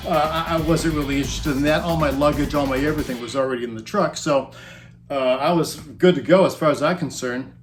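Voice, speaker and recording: With a slightly high voice and a brisk pace, a former roadie in his fifties spins a rowdy comic tour story over background music. His telling is rambling and casual, broken up by frequent chuckles.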